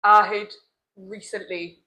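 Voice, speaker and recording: A woman's voice: medium pitch, level tone, takes it slowly, highs cut off. A woman with a mid-range voice co-hosts a casual podcast. She tells her side of things candidly, with the odd swear word. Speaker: podcast co-host, salon owner. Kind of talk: casual chat.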